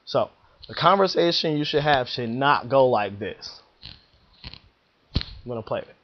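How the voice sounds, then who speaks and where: A man gives casual advice in a slangy, emphatic way at a medium pitch. The recording sounds dull and lo-fi. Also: lively intonation, measured pace, long pauses. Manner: slangy, emphatic, laid-back. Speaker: bowling vlogger.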